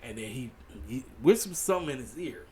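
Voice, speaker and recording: A man giving a casual, animated solo review of a wrestling show, talking straight to his viewers. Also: medium pitch, a little fast. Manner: animated, conversational, addresses viewers as ladies and gentlemen.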